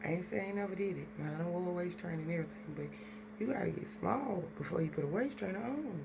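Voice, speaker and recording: Woman vlogger, gravelly voice, rambling casual chat, noisy home recording. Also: on the low side, quick pace. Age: adult with children. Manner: rambling, chatty, talks straight to viewers.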